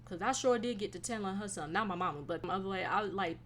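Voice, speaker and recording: A young woman hosting a casual solo podcast, venting in a profane, animated way with sudden loud bursts. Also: mid-range voice, rapid-fire, hardly any pauses, a little hiss or hum. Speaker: podcast host.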